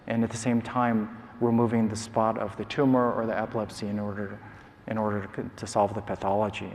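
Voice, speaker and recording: A man giving an academic lecture as a neuroscientist, measured and explanatory with frequent ums and uhs. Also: on the low side. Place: large conference hall. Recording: long hall reverb.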